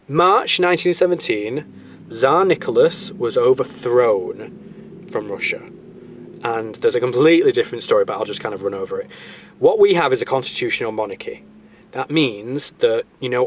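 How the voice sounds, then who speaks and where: A man's voice: medium pitch, moderate pace. A man hosting a casual podcast, telling history in a rambling way with many fillers and restarts, on a dull lo-fi recording. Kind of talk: casual chat. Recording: dull lo-fi sound.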